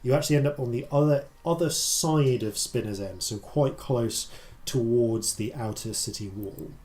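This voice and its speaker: A man narrating a tabletop game as dungeon master, halting often with fillers and restarts. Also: mid-range voice, a little mellow.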